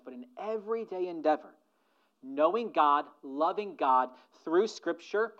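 A man's voice: on the high side, highs cut off. A man preaching a sermon to his congregation, earnest and full of rhetorical questions. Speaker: pastor.

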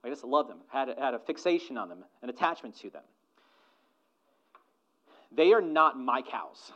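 A man preaching a sermon as a pastor, moving between soft asides and loud emphatic lines and putting rhetorical questions to the congregation. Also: medium pitch, very animated, normal speed, muffled recording.

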